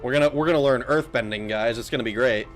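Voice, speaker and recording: A man's voice: mid-range voice, quick pace, faint music behind. A young man casually commentating a game stream, joking crudely and laughing often.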